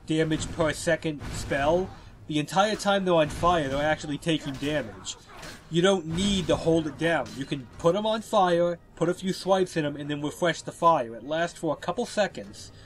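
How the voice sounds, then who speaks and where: A man's voice: a little high, expressive, moderate pace. Stuffy-voiced man explaining a game. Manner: chatty, explanatory, with filler words. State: stuffy from a cold. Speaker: video game walkthrough narrator. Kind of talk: casual gameplay commentary.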